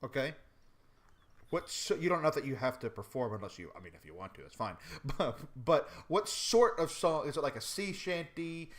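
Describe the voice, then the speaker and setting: A man's voice: fairly high pitch, very animated, moderate pace. Man running a tabletop game. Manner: questioning, restarts phrases. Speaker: game master. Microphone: home mic on a live stream.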